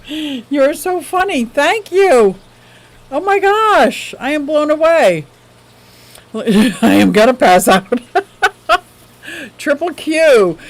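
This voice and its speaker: Woman, aquarium-channel stream host; casual, gushing, quick to laugh while reading tips. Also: fairly high pitch, low-quality recording. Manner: gushing, excitable, laughs often.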